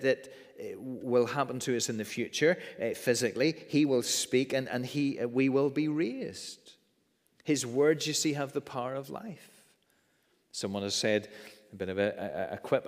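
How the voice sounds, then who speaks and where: A man preaching a sermon in an earnest way, often repeating words as he stresses his points. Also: medium pitch. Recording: long reverb of a church hall.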